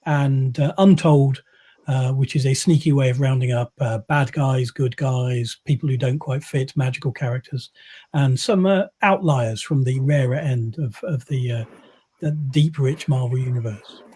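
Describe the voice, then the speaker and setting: Publisher guy rambling on a video call, kinda husky, dry humor. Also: mid-range voice, moderate pace, warm tone. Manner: wry, rambling with many fillers. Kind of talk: casual chat.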